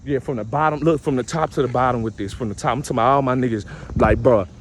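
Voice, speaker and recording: A man's voice: mid-range voice, quick pace, a little hiss or hum. A man vlogging a casual rant to his viewers, repetitive and full of street slang.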